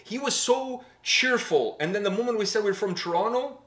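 A man's voice: high voice, animated, moderate pace, fairly bright tone. A man from Portugal hosting a reaction video, telling a story in a playful, chatty way. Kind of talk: casual chat. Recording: echoey room.

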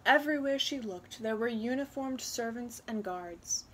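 A woman reading a children's storybook aloud, expressive and unhurried. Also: a little high, a little hiss or hum. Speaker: children's book reader.

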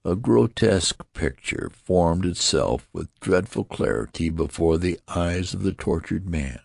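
A man with a very deep, gravelly voice narrates an audiobook slowly and with lively pitch. The recording is close and dry, with no room sound. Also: dry recording. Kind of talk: scripted narration.

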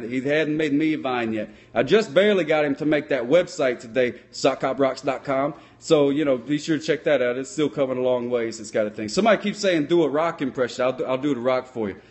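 A man playing a dim, cheerful sock puppet cop, rambling in a folksy, deadpan way and mangling his words in improvised puppet comedy. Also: a little high. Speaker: sock puppet comedian answering live chat.

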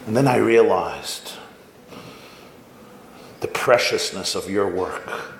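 This is a man lecturing as a rabbi, with an ordinary mid pitch and an animated storyteller's delivery. He draws his audience in with questions. The recording is echoey and roomy, with faint background noise. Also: slow.

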